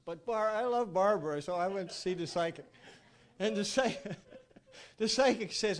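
A man giving an informal sermon, telling stories with animated rhetorical asides and frequent chuckles. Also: sits high, normal speed. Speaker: preacher.

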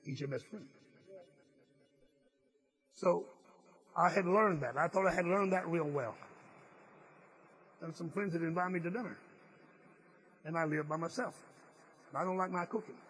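A male preacher with a fairly high voice preaches a sermon. He tells his story earnestly and leans hard on key phrases. Now and then he stumbles and restarts his words. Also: measured pace, pauses often, a bit bright, a little hiss or hum, low-quality recording. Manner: some stammered restarts.

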